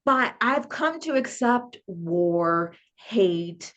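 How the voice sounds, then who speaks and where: A woman's voice: medium pitch, lively intonation, drawn-out words, fairly bright tone. A woman hosting a casual conversation, speaking in a thoughtful, questioning way. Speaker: podcast host.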